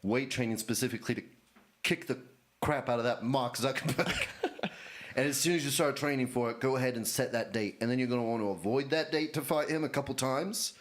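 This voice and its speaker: A cocky billionaire mogul hands out brash advice in a put-on Australian accent, as a man plays him. His voice sits at an ordinary middle pitch. He often breaks into laughter mid-sentence. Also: brisk, lightly acted. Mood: smug. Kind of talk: improv comedy impression.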